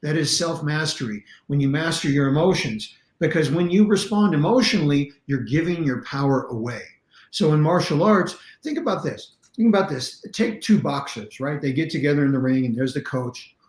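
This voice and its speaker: As a podcast guest, a martial arts instructor and self-defense coach with a somewhat high voice explains self-defense principles at normal speed. He's animated, emphatic and blunt, using pointed examples to drive each point home. The room adds a noticeable echo.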